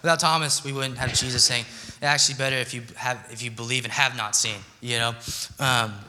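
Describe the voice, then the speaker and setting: A man's voice: medium pitch, bright, forceful tone. A young man giving a casual, joking sermon as a pastor, chatty and self-deprecating, with slang. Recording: long hall reverb.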